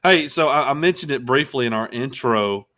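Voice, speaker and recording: A man's voice: mid-range voice, expressive, normal speed, pushed and bright. A man co-hosting an interview show, friendly and upbeat, with lots of fillers. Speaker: podcast co-host. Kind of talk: casual interview chat.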